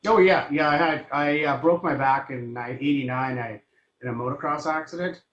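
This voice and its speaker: A man's voice: fairly high pitch, normal speed, a bit bright. A man in his fifties, a guest drummer telling his story casually, with many fillers. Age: 50s. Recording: roomy, dull sound, faint noise.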